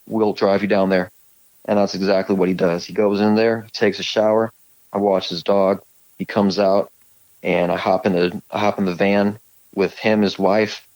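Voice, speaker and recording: A man from California telling his own encounter stories as a guest, rambling and halting with many fillers and restarts. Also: low-pitched, dry recording, poor audio. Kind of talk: casual storytelling on a call.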